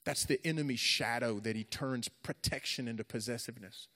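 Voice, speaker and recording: A man's voice: medium pitch, a little fast, pushed and bright. A middle-aged man preaching to young people in an earnest, repetitive, conversational way. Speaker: youth pastor. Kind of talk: sermon. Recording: echoey hall.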